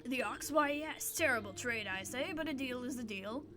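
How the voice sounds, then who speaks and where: A woman puts on a wheezing old scarecrow spirit, pompous and slow, with every word drawn out. Her voice sits somewhat high, and game music plays in the background. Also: expressive.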